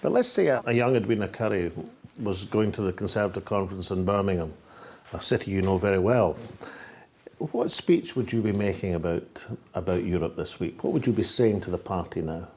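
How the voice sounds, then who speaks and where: An older man with a Scottish accent, hosting a political interview and asking probing, measured questions. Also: low-pitched, lively intonation, a little mellow, husky. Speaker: host.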